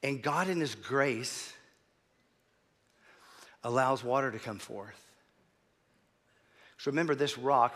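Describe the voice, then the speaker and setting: A man preaching a sermon as pastor, animated, swinging from quiet asides to loud emphasis. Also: medium pitch, long reverb tail.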